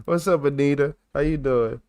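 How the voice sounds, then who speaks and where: A man's voice: fairly high pitch, normal speed, darkish tone, no echo. A man hosting a livestream, casually commenting on footage and greeting viewers by name. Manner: laid-back, greets chatters by name. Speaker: livestream host. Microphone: streaming mic.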